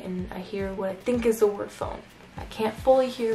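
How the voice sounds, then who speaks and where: A woman's voice: medium pitch, flat delivery, normal speed, darkish tone, soft background music, rough recording. A young woman telling a personal story in a casual vlog, chatty and full of "like" fillers. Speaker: YouTuber.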